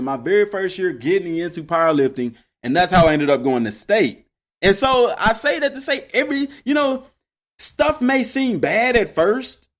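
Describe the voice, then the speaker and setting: A young man from Texas, telling a personal story casually to his listeners. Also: high-pitched. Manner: animated, addresses listeners as y'all. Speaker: podcast host.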